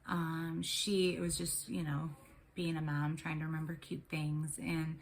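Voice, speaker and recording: A woman's voice: low-pitched, flat delivery, a little slow, vocal fry. A woman and mother of three telling a personal story to camera in a casual, rambling way, full of ums and restarts. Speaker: tarot and spirituality vlogger.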